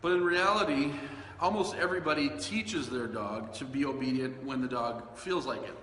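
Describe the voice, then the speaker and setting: A man hosts a casual solo podcast about dog training, talking loosely and conversationally with fillers and self-corrections. His medium-pitched voice is a bit bright and moves at a moderate pace, recorded in an echoey room with long reverb and faint hiss.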